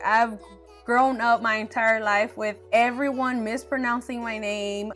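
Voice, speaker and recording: A young woman from Arizona talks straight to camera in a relaxed get-to-know-me vlog. Her voice sits a little high, and she rambles candidly with plenty of ums. Faint music plays softly underneath. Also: measured pace. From Arizona, USA. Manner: chatty, candid, frequent fillers. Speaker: beauty vlogger.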